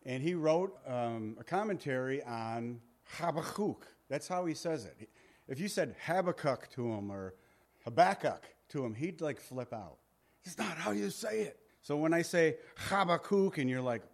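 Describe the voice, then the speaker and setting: A male pastor teaching a Bible passage in a conversational sermon, reading scripture aloud and paraphrasing it. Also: medium pitch.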